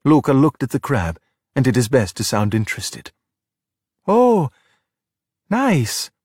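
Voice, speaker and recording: A middle-aged man reading a children's storybook aloud in a steady, plain way. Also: medium pitch, brisk, breathy edge, no echo, studio quality. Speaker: narrator.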